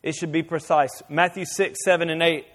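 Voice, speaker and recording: A man preaching a sermon as a pastor, animated and shouting at times for effect. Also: fairly high pitch, normal speed.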